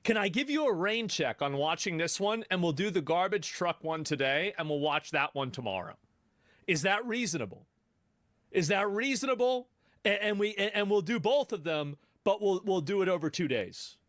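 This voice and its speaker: A man streaming live, reacting to videos with animated, exasperated asides. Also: sits high, moderate pace, dry recording, studio quality.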